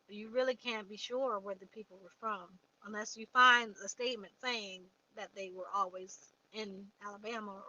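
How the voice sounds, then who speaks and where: A woman's voice: mid-range voice, sharp tone, muffled recording, a little hiss or hum. A woman hosting a casual livestream, chatting and reading viewer comments aloud before answering them. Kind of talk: casual live chat.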